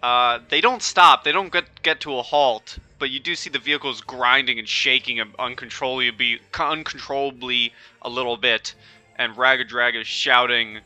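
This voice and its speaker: A man narrating as dungeon master in a relaxed, rambling way with fillers. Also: mid-range voice, moderate pace, few pauses, faint music behind. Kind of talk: narrating a tabletop game.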